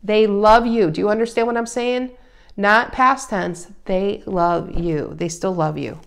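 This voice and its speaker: A woman giving a casual tarot reading, emphatic and animated, her voice rising loud and dropping soft. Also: medium pitch, a little slow, vocal fry. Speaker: tarot reader.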